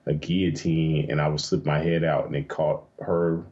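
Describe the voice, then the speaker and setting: Deep-voiced man telling animated, profane stories. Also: normal speed, highs cut off. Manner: animated, profane storytelling with frequent laughs. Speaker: interview guest, adult film performer. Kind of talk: casual chat.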